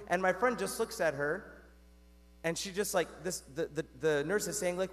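A man's voice: high voice, fairly quick. A man giving a Catholic sermon in a conversational way, talking straight to the congregation and asking them questions. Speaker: Catholic priest. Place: church. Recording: long church reverb.

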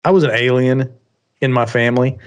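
A man co-hosting a podcast in casual chat, animated and quick to laugh as he tells stories. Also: medium pitch. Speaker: podcast co-host.

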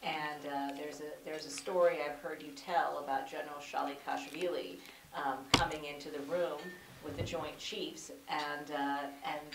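A woman moderating an interview, asking long questions with a hesitant, filler-heavy manner. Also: low voice. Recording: distant, echoey hall mic with noise.

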